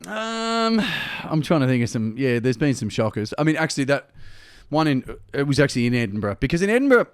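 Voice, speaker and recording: A man's voice: mid-range voice, fairly quick, smooth, dry recording, studio quality. An Australian man, a comedian guest, telling stories in a casual chat and acting out the people he quotes. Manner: animated storyteller, acts out quotes.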